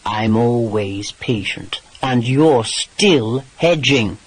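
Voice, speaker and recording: A man voicing a gruff, exasperated English lord and former pirate, with a dry and teasing English manner in an audiobook. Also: mid-range voice, lively intonation, drawn-out words, no echo, pitched below the performer's own voice, full character voice, rough recording. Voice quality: dry, exasperated, swears mildly.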